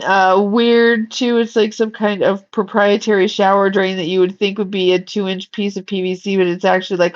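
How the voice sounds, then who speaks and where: A woman's voice: medium pitch, lo-fi sound. A woman casually chatting on a livestream, blunt and swearing freely while reading the chat and shooing her cat.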